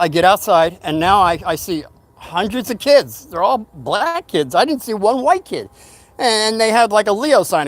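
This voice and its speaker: High-voiced older man telling a story. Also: no echo. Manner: rambling, animated retelling with acted-out quotes. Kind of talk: casual storytelling.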